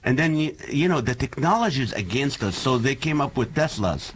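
A middle-aged man from the Middle East telling funny stories in a casual, animated chat as a guest. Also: medium pitch, a little fast, breathy edge. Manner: animated storytelling with jokes.

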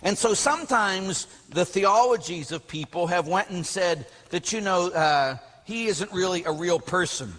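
A man, a Catholic priest, teaching a class with animated storytelling and emphatic outbursts. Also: high-pitched, a little slow, few pauses. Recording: long reverb of a large hall.

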